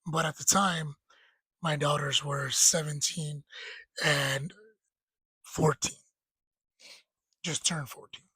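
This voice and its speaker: Speaking slowly with long pauses, this thirties-aged man has a slightly high, breathy voice as he shares grief through a rambling story about a friend who died. He laughs while retelling it, sometimes tears up, and does lively impressions of the friend. The rough recording carries no room sound.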